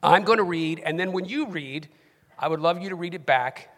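A man preaching a sermon to his church congregation with animated emphasis. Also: a little high, normal speed, big-room sound. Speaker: pastor. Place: church sanctuary.

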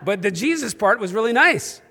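A man's voice: sits high, animated, moderate pace, pushed and bright, in a large hall. A man with a New York accent preaching a sermon in a church, with humorous, conversational storytelling. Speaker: pastor. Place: church auditorium.

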